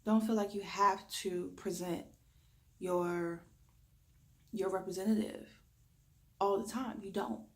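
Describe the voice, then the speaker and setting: Speaking as a reiki practitioner, this woman shares a reflection with a Southern drawl, a lisp, and a deep, raspy voice. Excitement tends to make her talk fast, but she purposely reins in her pace.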